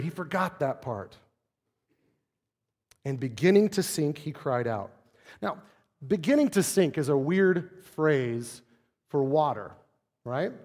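A man preaching from the pulpit with a slightly raised pitch. He talks conversationally, throws in rhetorical questions and sinks to a hush on key lines. His voice rings out through a large sanctuary with a long echo. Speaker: pastor. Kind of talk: sermon.

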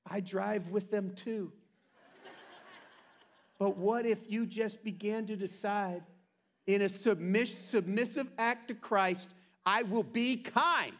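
Guy preaching in church, kinda high voice, earnest and animated, jokes around sometimes. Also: slow pace. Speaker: pastor. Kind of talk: sermon. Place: church sanctuary.

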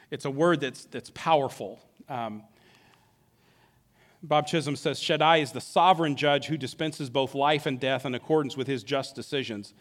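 A man preaching a sermon who acts out the characters' words in an animated way. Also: on the high side. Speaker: pastor.

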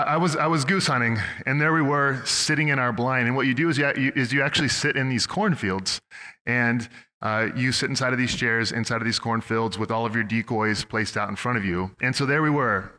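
A man's voice: medium pitch, bright, forceful tone. A young man from Oregon, a pastor preaching a sermon, telling stories in a conversational way with frequent restarts. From Oregon, USA. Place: church sanctuary. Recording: long hall reverb.

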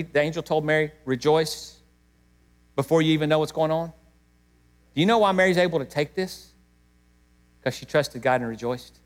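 A middle-aged man preaching a sermon to his church, emotional, swinging between loud emphatic peaks and hushed moments. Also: fairly high pitch. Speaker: pastor.

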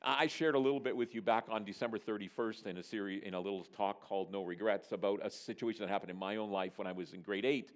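A man from Northern Ontario, Canada, preaching a sermon and telling stories with lively delivery. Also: lowish voice, fast talker, few pauses. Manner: animated storyteller, voicing characters in dialogue. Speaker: pastor. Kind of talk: sermon with storytelling.

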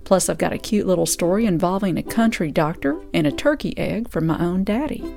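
Woman, gravelly edge, folksy radio host, soft music underneath. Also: lowish voice, expressive, a little fast. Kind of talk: scripted radio show hosting.

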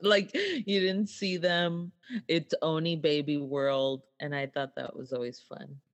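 A speaker in a relaxed chat talks slowly and unhurriedly at a middle pitch. Frequent giggles break up the sentences, and small acted-out quotes pop into the telling. The delivery feels easygoing and conversational. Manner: giggly, laughs often, acts out quotes. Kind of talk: casual chat.

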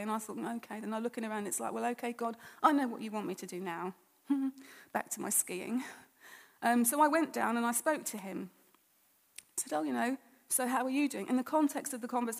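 A woman's voice: high voice, long reverb tail. A woman giving a personal testimony at church, telling her story conversationally and acting out her own past thoughts and words.

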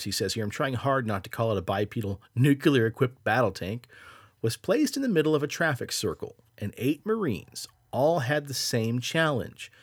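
Lively podcast co-host, male. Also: medium pitch, breathy edge, no room sound, clean studio sound. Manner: laughing, storytelling, reads chat. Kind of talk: casual podcast storytelling.

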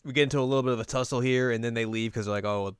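A young man co-hosting a casual recap chat, laid-back and dropping into quick voices to quote characters. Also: mid-range voice, fairly even intonation, clean tone, dry recording, studio quality. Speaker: podcast co-host.

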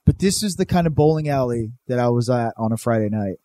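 A man's voice: mid-range voice, expressive, quick pace, dark tone. A young man from California, telling a rambling, profane story in casual chat and saying "dude" a lot.

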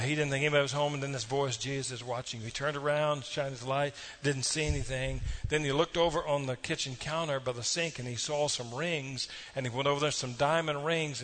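A man's voice: medium pitch, fairly bright tone. A man preaching a sermon, telling folksy stories and tossing asides to the congregation. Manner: folksy storytelling with audience asides. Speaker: pastor.

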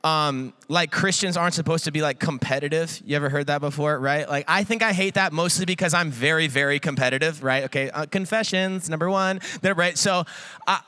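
A man preaching a casual, energetic sermon as a guest speaker, playful and full of filler words, acting out little quoted voices. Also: on the high side, brisk, clear, resonant tone, dry recording. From Iowa, US.

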